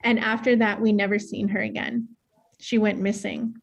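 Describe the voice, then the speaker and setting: A woman with a northern Saskatchewan accent tells her own story at a mid-range pitch. She talks in a candid, plain-spoken way and laughs easily. She is a dancer and choreographer sharing her personal story. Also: flat delivery, moderate pace, gravelly, breathy edge. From northern Saskatchewan, Canada.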